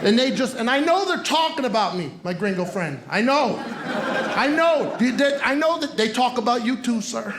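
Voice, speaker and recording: A man's voice: very high voice, lively intonation, moderate pace, noisy background. A man doing stand-up comedy, teasing the crowd and talking straight to the audience. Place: comedy club stage with live audience. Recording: roomy live venue with audience laughter.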